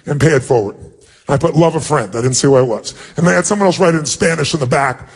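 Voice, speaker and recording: A man giving a motivational speech, telling a personal story with emotional, animated delivery and a husky voice. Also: quick pace. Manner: emotional, animated storytelling, rising in pitch when stirred. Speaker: motivational speaker.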